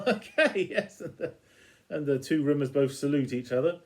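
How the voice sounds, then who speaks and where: A man reviews a TV episode in a casual retelling, chuckling often. His voice sits a little high and rises and falls a great deal. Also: animated, fairly quick, darkish tone. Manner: chuckles often between lines.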